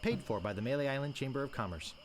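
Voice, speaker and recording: A wry young pirate hero, voiced by a man in a game, with a lively voice that swings up and down. He talks with deadpan humour. A faint hiss sits under the line. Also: medium pitch, quick pace, close to an everyday voice. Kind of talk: game dialogue.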